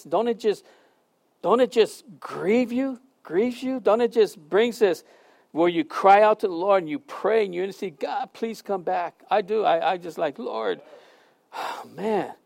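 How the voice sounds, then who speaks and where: A middle-aged man preaching a conversational sermon, telling stories with sudden loud and soft swings and repeating phrases for emphasis. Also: high voice, creaky. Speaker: pastor.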